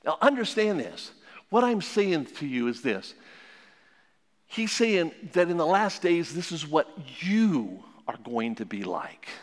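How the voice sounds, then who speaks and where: A man preaching a sermon as pastor, emphatic, swinging between loud and hushed. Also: a little high, very animated, a little slow, long reverb tail.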